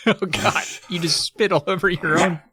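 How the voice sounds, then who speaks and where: A man's voice: high-pitched, steady tone, a little slow, sharp tone, a little hiss or hum. A man co-hosting a comedic podcast, retelling a story in an irreverent, profane, laughing way. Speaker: podcast co-host. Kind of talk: casual comedic book recap.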